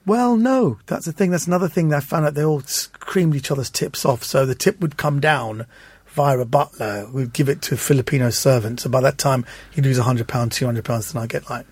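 Husky-voiced man telling stories. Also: medium pitch, a little fast, no echo. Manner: animated storyteller, acts out quoted voices. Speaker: comedian guest. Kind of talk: casual anecdotal chat.

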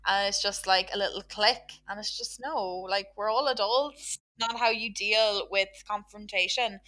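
A woman's voice: medium pitch, fairly even intonation, moderate pace, sharp tone. A woman with an Irish accent in casual conversation as a podcast co-host, chatty and blunt, with lots of "like". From Ireland. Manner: chatty and blunt, with frequent "like" fillers.

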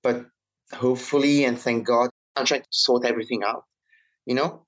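A man with an Italian accent answers interview questions as a podcast guest. His voice sits at a middle pitch, and he stretches his phrases slowly with thoughtful hedges. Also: fairly even intonation, a bit bright, low-quality recording. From Italy. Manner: measured, drawn-out phrasing with hesitant fillers. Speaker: guest writer and activist.

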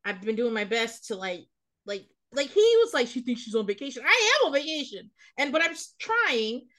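Brief: woman host, slightly high and bright, blunt profane ranting recap chat. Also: lively intonation, moderate pace. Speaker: podcast host. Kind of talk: casual reality-TV recap chat.

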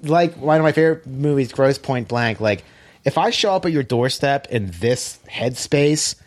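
A man chatting casually on a podcast, telling an animated, profane story and acting out quoted phone calls in a flatter, lower voice. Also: moderate pace. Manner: animated storytelling, self-described hothead, profane. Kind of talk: casual chat.

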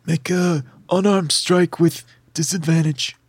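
A man's voice: a little high, steady tone, unhurried, breathy edge, no echo. A man narrating a tabletop fantasy game as game master, with theatrical, vivid descriptions and playful asides.

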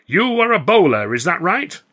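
A man's voice: sits high, big pitch swings, normal speed, a bit bright, pitched above the performer's own voice, exaggerated voice. A man voicing a flamboyant old male circus clown with a theatrical, insistent manner. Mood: showy.

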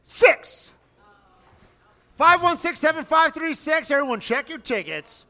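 A man's voice: very high voice, lively intonation, measured pace. A man calling out raffle numbers and joking with the crowd at a live event. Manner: loud, joking, calls out numbers. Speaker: raffle announcer.

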